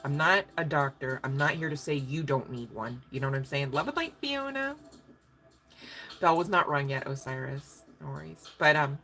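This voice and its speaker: A woman's voice: very deep voice, steady tone, brisk, hardly any pauses, fairly bright tone. A woman giving a casual livestream tarot reading, chatty and profane, laughing often. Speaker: tarot card reader.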